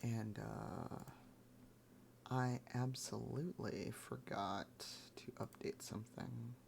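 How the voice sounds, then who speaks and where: A man streaming live, chatting casually with viewers in a rambling, laid-back way, his voice gravelly this morning. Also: medium pitch, steady tone, slow, a little mellow, slight background noise. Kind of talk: casual chat.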